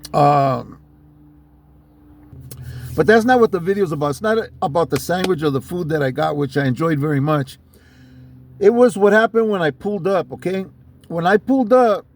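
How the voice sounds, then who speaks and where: A man's voice: high voice, dry recording. A man hosting his channel, casually telling a story to camera in street slang, with frequent restarts. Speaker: channel host.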